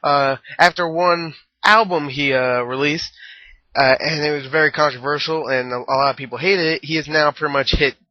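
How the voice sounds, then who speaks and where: A man's voice: fairly high pitch, steady tone, normal speed, dry recording. A young man giving a casual movie review, rambling with jokey, crude asides and lots of fillers. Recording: dry, dull lo-fi home recording.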